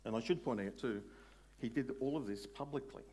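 A man preaching a sermon in a conversational way, putting questions to his listeners and slowing down on key words. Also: mid-range voice, dark tone, a little hiss or hum. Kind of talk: sermon, Bible exposition.

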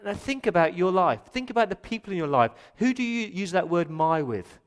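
A middle-aged Australian man preaching a sermon as pastor in a church, moving from quiet reflection to loud, impassioned pleading. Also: sits high, expressive, a little fast, few pauses.

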